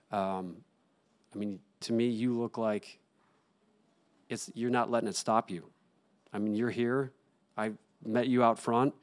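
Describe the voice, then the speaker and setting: Earnest low-voiced man telling his story. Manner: earnest, halting, with restarts and fillers. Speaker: interview guest, actor and author. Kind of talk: candid personal storytelling.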